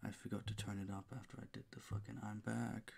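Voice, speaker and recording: Exhausted man with a gravelly voice. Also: fairly low pitch, little pitch movement, fast, darkish tone. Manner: frustrated muttering and cursing. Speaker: voice actor. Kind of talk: recording bloopers, talking to himself.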